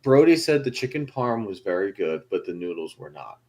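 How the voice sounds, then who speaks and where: A man's voice: fairly low pitch, sing-song, brisk, a little mellow. A man co-hosting a casual chat, telling stories with plenty of swearing and laughter. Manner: storytelling, profane, laughing. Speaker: co-host. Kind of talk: casual food chat on a show.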